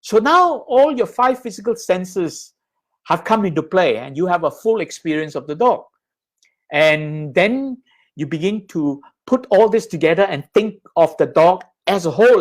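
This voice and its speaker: A man's voice: sits high, animated, a little slow. Patient man teaching Buddhist ideas. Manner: patient, explanatory, checks in with "right?" and "okay?". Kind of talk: lecture explaining slides.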